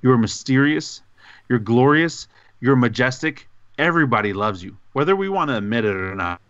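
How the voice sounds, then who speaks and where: A man co-hosting a gaming podcast, rambling excitedly and goofily in over-the-top praise. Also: mid-range voice, moderate pace, no room sound, muffled recording. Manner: excitable, goofy, hyperbolic rambling. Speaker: podcast co-host. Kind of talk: casual podcast chat.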